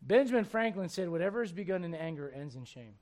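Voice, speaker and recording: A male preacher talks fast in an animated voice that sits high and is a little mellow, delivering a rousing sermon to a church congregation and often putting questions to them.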